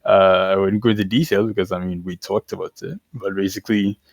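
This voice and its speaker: A man's voice: sits low, fairly even intonation, brisk, gravelly, no echo. A man casually retelling stories on a podcast, irreverent and slangy, laughing as he goes. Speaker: podcast co-host. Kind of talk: casual chat.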